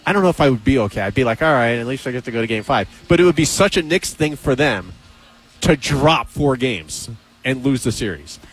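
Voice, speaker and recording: A man hosting a sports radio show, chatting casually and excitably about his team and laughing easily. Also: mid-range voice, brisk, husky, faint music behind.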